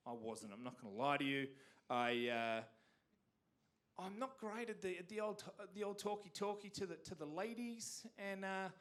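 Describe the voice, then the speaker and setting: Aussie comedian doing stand-up, self-deprecating, bright sharp voice, up and down a lot. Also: male voice, sits high, lively intonation, normal speed. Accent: Australian. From Canberra, Australia. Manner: self-deprecating, lots of restarts. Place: theatre stage.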